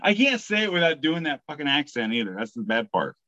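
A man co-hosting a podcast who jokes in a relaxed way and pauses on fillers as he reads posts aloud. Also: on the high side, dry recording. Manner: relaxed joking, halting with fillers. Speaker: podcast co-host. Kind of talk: casual chat. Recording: dull, dry sound.

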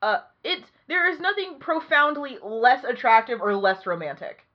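A woman's voice: a little high, very animated, moderate pace, dull audio. A woman co-hosting a podcast in casual chat, wry and indignant. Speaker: podcast co-host.

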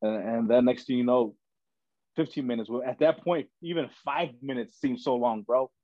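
A man's voice: medium pitch, steady tone, normal speed, mellow, no room sound. Young man telling a story, dull dry sound. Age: young adult. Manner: loose and chatty, full of "man", "bro" and "like". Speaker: podcast guest. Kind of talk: casual storytelling.

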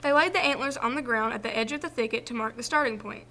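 A woman reading a children's folktale aloud, in a clear and expressive storytelling voice. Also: on the high side, fast.

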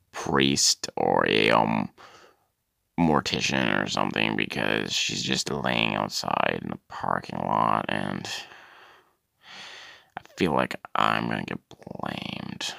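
A man's voice: extremely low pitch, slow pace, creaky, sharp tone, dry recording, clean studio sound, voice pushed down, heavily acted. A man voicing a nervous, crude woman contestant on a quiz show sketch, rambling and flustered with off-color jokes. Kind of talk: comedic sketch character voice.

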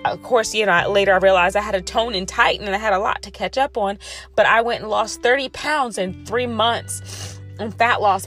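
A woman's voice: medium pitch, fairly bright tone. A woman giving a fired-up motivational monologue about weight loss, calling her listeners y'all.

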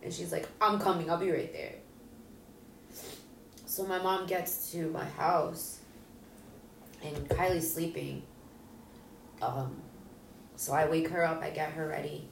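Speaking slowly in a low, gravelly voice with a steady tone and frequent pauses, a woman being interviewed recounts an emotional personal story with raw bluntness, cursing and performing other people's lines. The audio is noisy, with roomy echo, faint ambience and a distant mic.

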